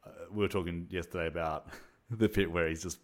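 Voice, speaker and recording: Low-voiced man rambling through film chat. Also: steady tone, a little fast. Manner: rambling, lots of fillers, laughs often. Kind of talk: casual film review chat.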